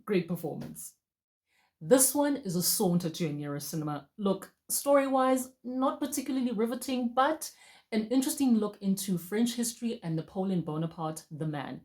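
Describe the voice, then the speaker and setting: A woman's voice: mid-range voice, animated, normal speed, darkish tone. A woman giving a casual, chatty movie review, talking straight to her viewers and laughing often.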